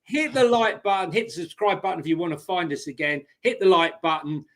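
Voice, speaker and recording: A man's voice: sits high, a little fast, a bit bright. A man co-hosting a casual live stream, laid-back and jokey, with many ums and uhs. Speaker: co-host.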